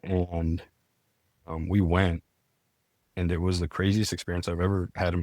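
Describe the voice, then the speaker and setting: A man's voice: deep voice, flat delivery, measured pace, darkish tone, dry recording, clean studio sound. A young man, a podcast guest, telling his story in a casual, earnest way, full of "like" and restarts. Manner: earnest, many "like" fillers and restarts.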